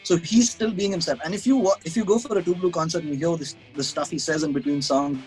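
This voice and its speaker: A man speaks in a fairly high voice, chatting casually as a guest over a video call. He rambles, restarts his sentences and pokes fun at himself. Faint music plays in the background. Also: steady tone, fast talker, a little mellow, low-quality recording. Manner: rambling, self-mocking, frequent restarts and laughs.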